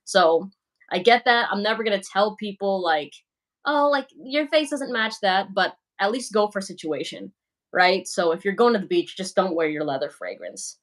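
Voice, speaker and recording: A woman's voice: mid-range voice, normal speed. A young woman hosting a livestream, talking casually and frankly as she answers viewers' comments, with plenty of "like" and "you know". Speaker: livestream host.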